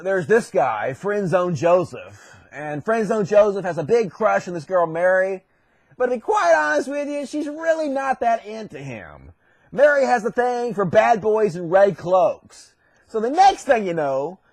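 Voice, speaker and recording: A man's voice: high voice, no room sound. A man giving a profane, sarcastic comedic recap as an online commentator.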